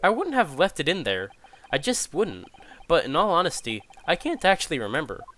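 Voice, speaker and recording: Guy doing a forgetful rambling juror, wobbly pitch. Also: wildly swooping pitch, fairly quick, fairly bright tone. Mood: dithering. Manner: rambling, unsure.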